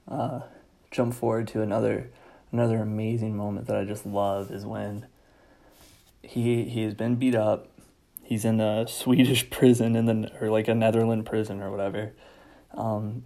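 Low gravelly guy rambling excitedly through a movie recap, lots of ums. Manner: enthusiastic, rambling, lots of fillers. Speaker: movie reviewer.

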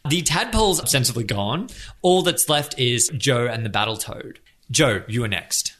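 Game master, male, playful lively narrator, bright tone. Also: mid-range voice, normal speed. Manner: lively, playful narration with shouted character voices.

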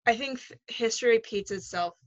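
A woman's voice: a little high, brisk, no echo. A young woman co-hosting a casual podcast, chatty and laughing often. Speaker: podcast co-host.

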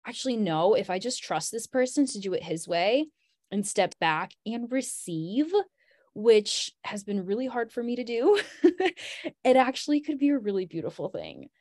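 A woman's voice: medium pitch, animated, normal speed, a little mellow, dry recording, studio quality. A young adult woman, a podcast guest, telling a personal story in casual chat, saying "like" often and laughing as she goes.

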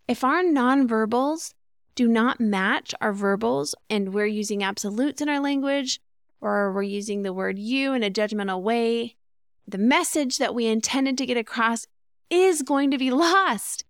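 A woman hosts a relationship advice podcast, speaking earnestly and in a teaching manner. Her voice carries a gravelly edge yet stays smooth and resonant. The recording is dry and close, with no room sound. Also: a little high, unhurried, no room sound. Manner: earnest, instructive, acts out example phrases. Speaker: podcast host.

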